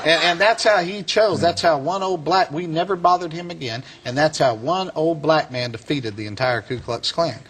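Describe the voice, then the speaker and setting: A man giving a speech, telling a story to an audience in an animated, chuckling way. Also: a little high, moderate pace, few pauses, breathy edge. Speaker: speaker.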